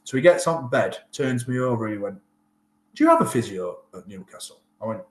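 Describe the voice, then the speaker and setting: Yorkshire man telling a lively story. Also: medium pitch, brisk. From England. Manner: animated, acts out quoted dialogue. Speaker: rugby player guest. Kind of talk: casual storytelling interview. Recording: roomy echo.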